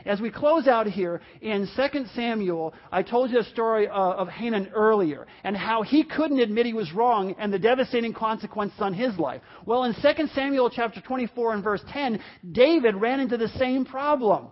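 High-pitched male pastor, chatty sermon delivery, slightly muffled recording. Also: normal speed, few pauses. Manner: conversational, repeats words, acts out quoted people.

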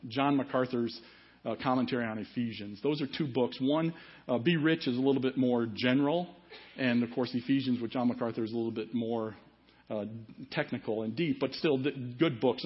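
A man's voice: mid-range voice, breathy edge. A middle-aged man preaching a sermon in a conversational way, asking the congregation questions as he goes. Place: church service. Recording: dull, muffled sermon audio.

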